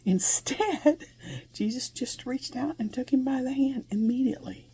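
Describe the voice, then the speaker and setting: A woman's voice: high-pitched, unhurried, dark tone. A woman giving an earnest, conversational Bible lesson, asking her listeners questions and laughing between points. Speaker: Bible teacher.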